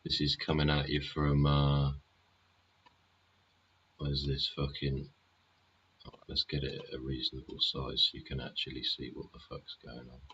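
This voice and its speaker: A man hosts a live stream in a very deep voice. He talks casually and sardonically, swears freely and keeps asking the viewers rhetorical questions. A faint hiss runs under the recording. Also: monotone, measured pace, creaky, pauses often, fairly bright tone, muffled recording. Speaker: livestream host.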